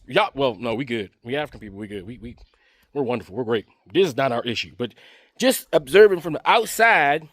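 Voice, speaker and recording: A man's voice: high-pitched, no echo, studio quality. A man giving a taunting, mocking political commentary rant to camera, repeating his jabs over and over. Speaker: online commentator.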